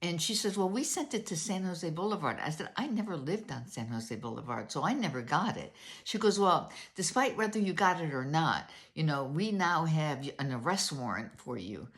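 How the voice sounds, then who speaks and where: A woman's voice: sits low, big pitch swings, normal speed, few pauses. An older woman vlogger casually telling a story, retelling a phone conversation and quoting each side in turn.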